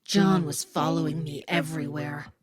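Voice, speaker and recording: A woman voicing an evil possessed teenage girl in a husky, rasping voice, speaking slowly with a menacing whisper. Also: deep voice, steady tone, crowd noise, lightly acted.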